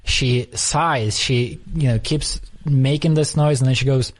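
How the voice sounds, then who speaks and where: Man from the former Soviet Union, storytelling. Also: mid-range voice. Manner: thoughtful, quick storytelling with frequent restarts. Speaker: podcast host. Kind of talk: conversational interview.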